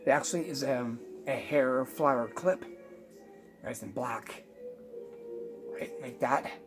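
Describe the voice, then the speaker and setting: Slow, halting man explaining magic tricks. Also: medium pitch, music in the background. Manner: unhurried, halting with many ums, explaining step by step.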